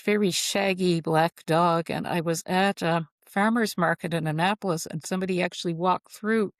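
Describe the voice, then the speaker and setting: A woman author chatting in an interview, telling stories in a lively way and acting out the voices she quotes. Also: on the low side, no room sound, studio quality. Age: older. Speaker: guest author. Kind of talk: casual interview chat.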